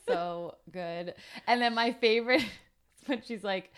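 A woman co-hosting a casual recap podcast, reacting quickly and agreeing eagerly. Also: fairly high pitch, clean tone. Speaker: podcast co-host.

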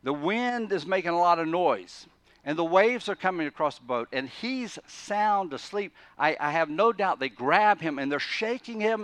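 In a dry recording, a high-pitched pastor delivers a sermon at a moderate pace. His storytelling is animated, alternating quiet asides with loud, emphatic outbursts, and he keeps restarting words mid-thought.

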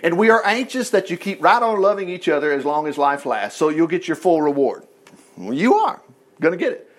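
Animated male preacher, high lively voice, mimics congregants mid-sermon. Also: brisk. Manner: animated, acts out churchgoers' voices.

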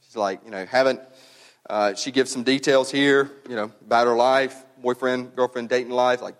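A man preaching a sermon in a relaxed, conversational way, with casual slang and lively emphasis. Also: mid-range voice, normal speed. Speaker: pastor. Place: church sanctuary. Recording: long reverb of a church hall.

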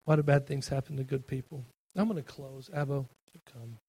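A man's voice: medium pitch, fairly even intonation, brisk, dark tone, husky, no echo. A middle-aged man preaching a sermon as a pastor, impassioned, rising on scripture quotes, with fillers and restarts.

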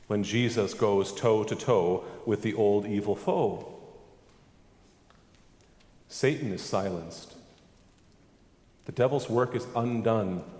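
A man's voice: lowish voice, a little mellow. Pastor, male, emphatic sermon delivery, roomy sanctuary sound. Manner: emphatic preaching with rhetorical questions.

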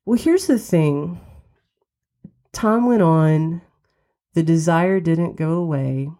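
A middle-aged woman with a low, mellow voice hosts her podcast alone. She tells a personal story candidly and reflectively. A lingering cold sometimes catches her voice. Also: animated, slow pace. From West Virginia. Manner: candid, reflective, wry laughs. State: has a cold, occasional cough. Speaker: podcast host.

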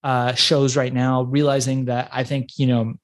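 A man's voice: mid-range voice, measured pace. Iran-born man telling his story. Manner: animated storyteller with frequent restarts. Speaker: podcast guest. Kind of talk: casual interview storytelling.

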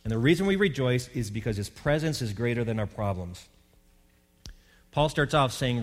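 A man's voice: medium pitch, animated, moderate pace. A middle-aged man preaching a sermon in a conversational way, often repeating words and rising into emphatic bursts. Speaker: pastor. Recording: reverberant hall.

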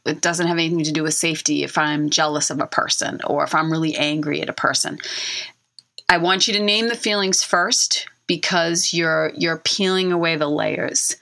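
A middle-aged woman talks straight to her listeners in a self-help podcast monologue. Her voice sits a little low, and her delivery is earnest and coaching as she repeats phrases to drive each point home. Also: bright, forceful tone. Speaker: podcast host and author.

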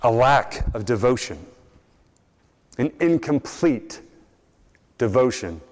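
Animated young male preacher in a reverberant hall. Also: mid-range voice, slow pace. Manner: animated storytelling, acts out quoted voices. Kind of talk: sermon. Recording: long reverb in a large hall.

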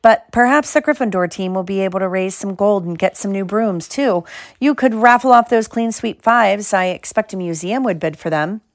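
A woman's voice: medium pitch, normal speed, no echo, clean studio sound, close to an everyday voice. A woman voicing a smug, spiteful schoolboy rival with a drawl, in an audiobook reading.

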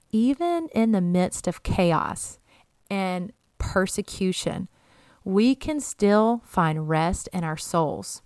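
A woman's voice: on the low side, clean tone, no echo. A young adult woman giving an earnest, encouraging devotional talk and reading scripture aloud. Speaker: Christian podcast host.

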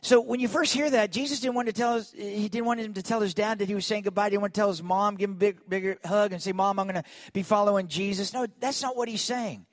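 Man, pastor, high voice, dry close sound, lively storytelling sermon, calls on listeners. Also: fast, no room sound. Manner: lively, calls on the congregation to respond.

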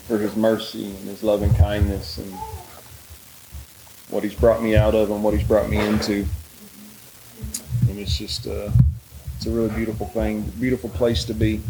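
A man leading a bible study, praying and reading scripture aloud in a relaxed, halting way with many fillers. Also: fairly low pitch, background noise. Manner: reads scripture aloud in a raised voice.

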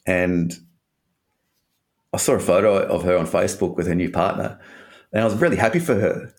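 Gravelly deep-voiced Australian-born man. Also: moderate pace. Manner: candid, rambling, swears casually. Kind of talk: casual personal storytelling.

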